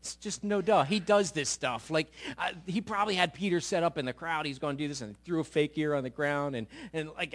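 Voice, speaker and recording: Animated, fairly high-voiced male pastor. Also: quick pace, hardly any pauses. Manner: animated storytelling, repeats words as he builds. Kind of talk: sermon.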